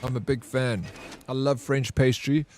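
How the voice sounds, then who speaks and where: A man live-streaming a game, chatting and joking with his viewers, and loudly welcoming raiders. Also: mid-range voice, unhurried, a little hiss or hum. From South Africa. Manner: jokey, excitable, banters with chat. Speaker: variety streamer. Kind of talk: casual live-stream chat while gaming.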